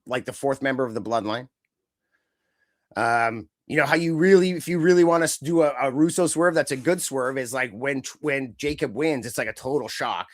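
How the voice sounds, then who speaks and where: A man's voice: medium pitch, dry recording, clean studio sound. A man co-hosting a casual podcast, talking in long rambling runs and acting out what others say. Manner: rambling, animated, acts out quotes. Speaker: podcast co-host. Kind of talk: casual chat.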